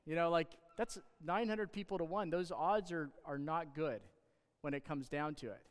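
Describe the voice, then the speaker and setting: A man preaches and reads scripture in a somewhat high, smooth and resonant voice. His delivery is animated, with sarcastic asides and loud bursts of emphasis. The sound carries a long reverb, as in a large hall. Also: normal speed. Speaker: pastor. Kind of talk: sermon with scripture reading.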